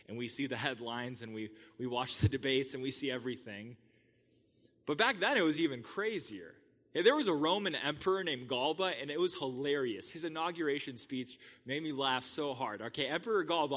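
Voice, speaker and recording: A man's voice: medium pitch, fairly bright tone, long reverb tail. A man preaching a sermon as the pastor of his church, talking in a conversational way and laughing at his own stories.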